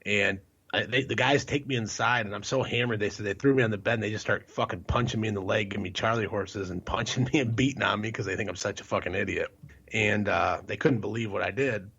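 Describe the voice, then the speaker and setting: A man's voice: on the low side, fairly even intonation, quick pace, a bit bright, breathy edge, muffled recording. A man from Ohio co-hosting a podcast, telling rambling, profane stories and laughing through them. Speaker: podcast co-host. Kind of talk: crude casual storytelling.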